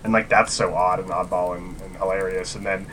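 A man's voice: low voice, level tone, brisk, crowd noise. A man co-hosting a podcast, chatting casually about a film in a rambling way, full of fillers. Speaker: podcast co-host. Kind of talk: casual movie chat.

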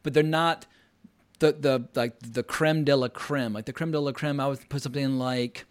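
A man hosting a podcast, talking about film noir in an enthusiastic, animated way. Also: medium pitch, normal speed. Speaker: podcast host. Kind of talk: casual film discussion.

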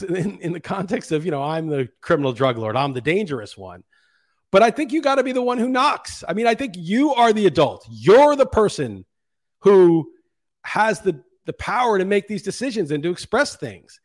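A man's voice: sits high, big pitch swings, normal speed. A middle-aged man hosting a solo podcast, delivering an impassioned, profane rant. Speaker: podcast host. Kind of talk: monologue podcast commentary.

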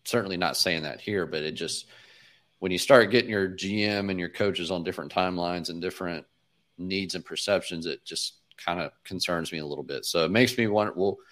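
Brief: male podcast host, very low voice, measured and hedging. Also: a bit bright. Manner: measured, thinking aloud with hedging. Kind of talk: casual podcast chat.

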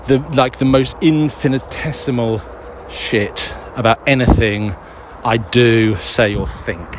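A man's voice: mid-range voice, slow. A man talks loosely to his listeners while walking outdoors, audibly out of breath. He rambles, swears freely and laughs at himself as he answers questions. Faint outdoor noise sits behind his voice. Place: woods outdoors, walking a dog.

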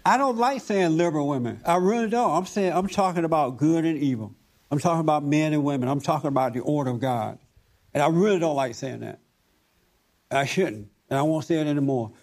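Male host type, slightly high pitch, drives points home by repeating them. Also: fairly quick, a little mellow. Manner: emphatic, preachy, repeats his points. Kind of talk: talk show discussion.

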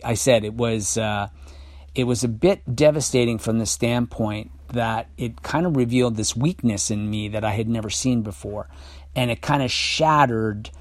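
Man telling a personal story, halting. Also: medium pitch, no echo, clean studio sound. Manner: halting, many restarts and fillers; reflective, confessional. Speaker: podcast host.

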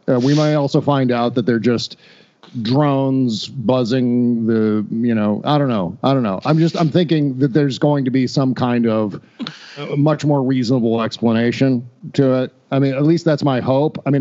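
A man chats as a guest on a political podcast, wry and a little rambling, with frequent restarts. His voice sits at a medium pitch. The recording sounds somewhat dull and lo-fi. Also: mellow. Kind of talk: casual political chat.

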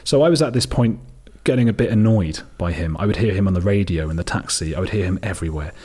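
A man's voice: low-pitched, fast, mellow, breathy edge. A man, a documentary filmmaker, talking casually in an interview and telling rambling stories. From United Kingdom. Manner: rambling storyteller, mimics people he quotes. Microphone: close desk microphone.

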